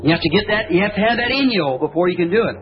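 High-voiced folksy preacher on hissy old tape. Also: male voice, expressive, racing. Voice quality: homespun speech with plain grammar slips. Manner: folksy, rambling, keeps asking "see?". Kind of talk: sermon. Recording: muffled old sermon tape with loud hiss.

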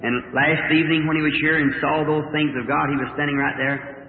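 A folksy man preacher spins homespun stories from the pulpit in a somewhat high voice. He is heard on an old, tinny tape, with long echo from a big hall and a faint hiss behind him. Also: flat delivery, brisk. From southern Indiana, US. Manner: folksy storytelling with rural dialect. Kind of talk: sermon testimony. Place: large meeting hall.

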